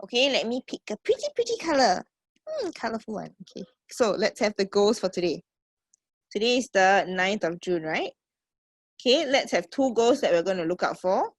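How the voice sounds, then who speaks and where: A woman's voice: medium pitch, big pitch swings, moderate pace, dry recording. A woman with a Singaporean accent teaching an online English class on a computer mic. She encourages her students, calls them sweetheart, and keeps checking in with "okay" and "right?".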